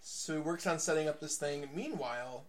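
A man co-hosting a casual podcast, with a voice pitched a little high. He retells stories and jokes in a relaxed, easygoing way. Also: normal speed. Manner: relaxed storyteller, tells jokes. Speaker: podcast co-host. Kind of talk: casual comic book chat.

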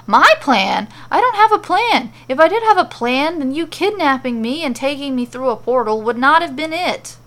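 A woman's voice: sits high, lively intonation, normal speed, hardly any pauses, fairly bright tone, pitched above the performer's own voice. A woman voicing a confused, exasperated young sorceress held captive in a castle, asking question after question. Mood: bewildered.

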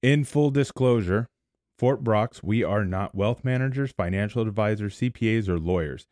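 A man's voice: fairly low pitch, moderate pace, darkish tone, dry recording, clean studio sound. Upbeat man hosting a podcast. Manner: upbeat, joking. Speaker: podcast host. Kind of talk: casual podcast chat.

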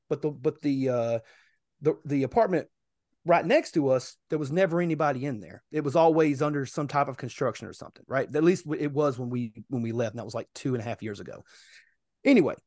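A man's voice: fairly high pitch, no echo, studio quality. A man in his thirties telling stories casually on a podcast, acting out the voices of people he met. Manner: animated, acts out other people's lines. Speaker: podcast co-host. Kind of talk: casual storytelling.

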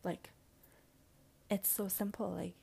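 A young woman telling a dating story in a casual vlog. She is frank and animated, leans on "like" constantly, swears freely and drops into hushed asides. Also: mid-range voice, slow, gravelly, breathy edge.

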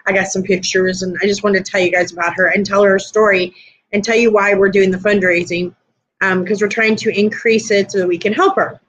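A woman's voice: mid-range voice, fairly even intonation, fairly quick, a bit bright, lo-fi sound, slight background noise. A woman co-hosting a live stream, chatting casually and rambling with lots of fillers. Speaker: podcast co-host.

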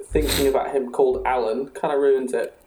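A man's voice: medium pitch, fairly even intonation, brisk, a little mellow. A man with a Yorkshire accent joking dryly in a casual podcast chat. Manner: dry, joking. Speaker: podcast guest. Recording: echoey room with faint noise.

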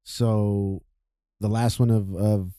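A man hosting a podcast in a relaxed, halting way, filling his pauses with "um" and "uh." His voice is low and warm. The sound is dry, with the mic close. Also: no echo. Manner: laid-back, halting, thanking listeners. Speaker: podcast host. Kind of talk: casual podcast chat.

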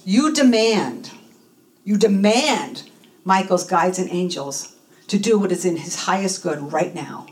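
A woman voicing a brisk, insistent middle-aged spiritual coach woman who speaks firmly. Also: fairly low pitch, expressive. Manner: firm, commanding. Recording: voice a bit distant from the mic.

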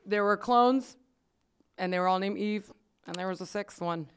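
A woman's voice: mid-range voice, moderate pace, smooth. A young woman hosting a podcast, chatting casually, giggly and rambling. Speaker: podcast host. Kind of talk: casual chat.

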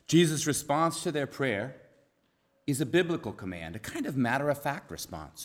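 A man preaching a conversational sermon, earnest, repeating key phrases and dropping to a soft hush for emphasis. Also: on the high side, big pitch swings, moderate pace.

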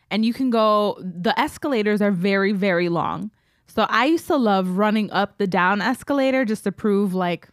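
A woman's voice: medium pitch, clear, resonant tone, no room sound, studio quality. A woman co-hosting a podcast, telling a family story in casual chat and laughing. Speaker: podcast co-host.

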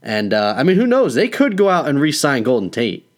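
A man's voice: medium pitch, huge pitch swings, a little fast. Laid-back young man talking sports. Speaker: podcast co-host. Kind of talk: casual sports chat.

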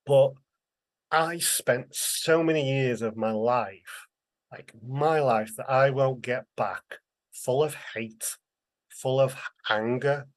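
An earnest man tells his life story in a candid, conversational way. His voice sits in a middle pitch, and he acts out the people he quotes with bright, lively voices. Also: slow pace. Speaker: interview guest, author.

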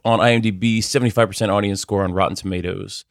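A man's voice: fairly low pitch, fairly even intonation, fast, no room sound, studio quality. A man co-hosting a casual film podcast, talking in a loose, rambling way with lots of fillers and hedges. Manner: rambling, hedging with many fillers. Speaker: podcast co-host.

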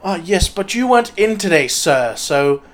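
A man doing a low, mumbling polite cohost. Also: sing-song, moderate pace. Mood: politely bored. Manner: polite, mumbling, repeats himself. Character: deferential, bland male podcast cohost. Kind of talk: improvised comedy character.

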